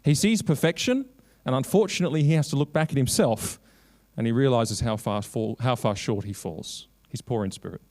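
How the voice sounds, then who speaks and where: Emphatic male keynote preacher, mid-range voice, climbs to urgent peaks and drops to quiet asides. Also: a little fast. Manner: emphatic, swinging between raised urgent lines and low quiet asides; quotes scripture and builds long repeated lists. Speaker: Christian lobby director giving a keynote.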